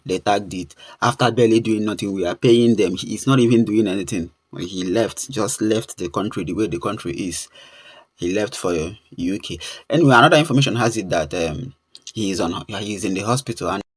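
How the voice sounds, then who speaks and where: A man's voice: lowish voice, a little fast, slightly rough, no room sound. A man with a Nigerian accent giving casual spoken commentary in a plain, conversational way. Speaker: vlogger commentator.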